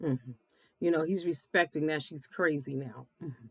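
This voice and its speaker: Blunt, animated woman recapping TV. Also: deep voice, moderate pace, husky, no echo. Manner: blunt, animated, profane, laughs often. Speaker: reality TV recap vlogger. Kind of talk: casual episode recap commentary.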